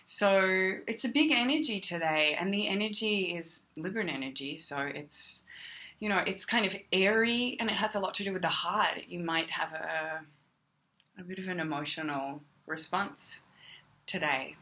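A woman's voice: lowish voice, moderate pace, pushed and bright. An Australian woman teaching meditation on a casual livestream, chatty and greeting viewers by name. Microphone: phone.

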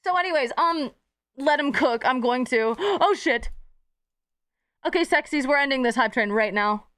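A woman's voice: high-pitched, expressive, moderate pace, a bit bright, smooth. A woman streamer chatting casually with her live audience, bubbly and giggly and swearing freely.

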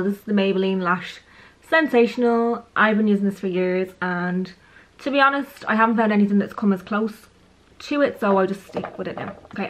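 A woman's voice: mid-range voice, a bit bright, a little hiss or hum, poor audio. Chatty woman doing her makeup. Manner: chatty, self-aware, talks while applying makeup. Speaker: beauty vlogger. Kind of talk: casual makeup tutorial chat.

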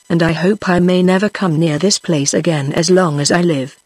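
A text-to-speech woman's voice with a British English accent reading a story aloud in an even, synthetic manner. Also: fairly low pitch, moderate pace, breathy edge, dry recording. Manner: reads every character in the same flat voice, voicing punctuation aloud. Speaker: audiobook reader.

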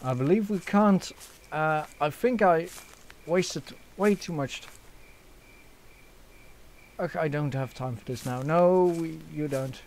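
A man's voice: on the high side, takes it slowly, long pauses, darkish tone, slight background noise. A young man hosting a let's play, joking around, swearing and using lots of fillers. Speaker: gaming channel host.

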